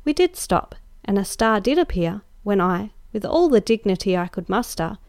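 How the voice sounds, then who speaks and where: Gravelly woman narrating a story. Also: mid-range voice, no echo. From Australia. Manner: measured, expressive storytelling. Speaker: guest host, story narrator. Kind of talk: audiobook narration.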